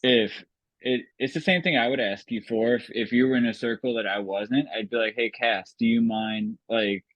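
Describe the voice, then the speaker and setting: A man's voice: mid-range voice, fairly quick, no room sound, muffled recording. A man hosting a podcast, chatting casually and jokingly on a group call, with plenty of filler words. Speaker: podcast host.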